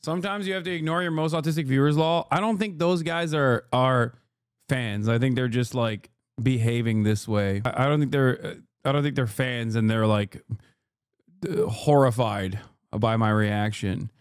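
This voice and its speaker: A man's voice: medium pitch, normal speed, clear, resonant tone, no echo, clean studio sound. A male streamer giving live reaction commentary in a profane, sarcastic, ranting way.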